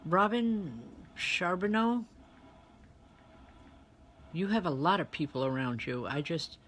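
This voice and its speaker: A woman medium giving a live online reading, chatty and direct with her viewers. Her voice is bright and forward. Faint noise sits behind her. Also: fairly low pitch, slow. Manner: chatty, speaks straight to online viewers, relays spirit messages. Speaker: spiritual medium and reverend.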